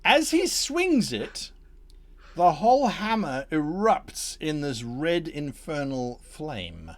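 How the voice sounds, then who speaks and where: A man's voice: a little high, big pitch swings, takes it slowly. A man narrating as game master for a tabletop game, playful and chuckling as he tells the story.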